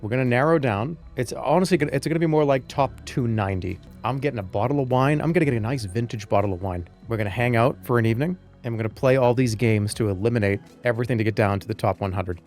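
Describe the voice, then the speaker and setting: A man in his thirties chatting casually to viewers on a livestream, joking and rambling with sudden loud outbursts. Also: mid-range voice, fast talker, hardly any pauses, faint music behind. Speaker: streamer.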